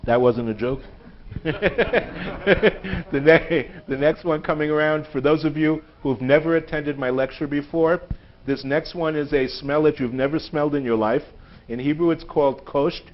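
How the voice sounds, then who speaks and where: A man's voice: a little high, fairly even intonation, normal speed. A man giving a live lecture to a group in a synagogue, chatty and joking, laughing at his own puns. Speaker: guest lecturer. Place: synagogue hall. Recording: dull lo-fi phone recording.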